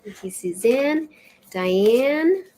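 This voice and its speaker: A woman hosting a live spiritual session, chatting casually and reading oracle cards aloud in an expressive, lilting way. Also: fairly high pitch, very slow. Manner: warm, chatty, lilting and expressive, with soft laughs.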